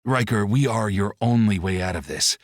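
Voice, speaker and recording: A man's voice: lowish voice, expressive, normal speed, no room sound, clean studio sound. A man voicing a scornful, hostile man.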